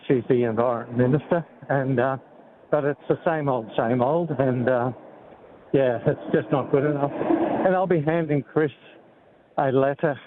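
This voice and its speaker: An Australian man in his seventies, speaking haltingly with many fillers and out of breath as he walks beside a highway. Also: a little hiss or hum. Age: 70s. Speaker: activist interviewee. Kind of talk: phone interview. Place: outdoors walking by a freeway. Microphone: phone. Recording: tinny phone line with faint outdoor ambience.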